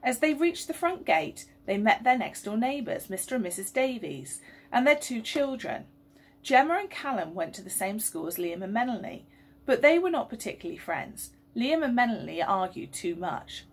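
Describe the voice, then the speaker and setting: Breathy woman reading a story. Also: fairly high pitch, normal speed. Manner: gentle, expressive storytelling. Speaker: teacher leading school worship. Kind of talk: storybook reading and assembly talk.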